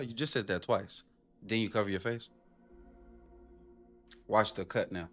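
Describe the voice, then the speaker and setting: A man's voice: steady tone, unhurried, pauses often, a bit bright, soft background music. Blunt, profane man reacting to clips. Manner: blunt, profane, incredulous, often mimics in a high voice. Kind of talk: casual reaction commentary.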